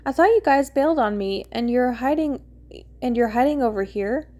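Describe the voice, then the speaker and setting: A woman's voice: high voice, lively intonation, moderate pace, darkish tone. A woman voicing a whining, sheepish young man in a story she reads aloud. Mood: whiny.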